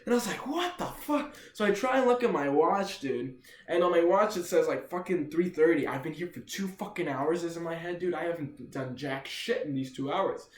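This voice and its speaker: A young man rambles through a casual storytime, swearing freely and tacking "dude" onto nearly every line. His voice sits a little high for a man. The room around him is bare and echoey. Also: normal speed. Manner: rambling, profane, says "dude" constantly. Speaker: vlogger.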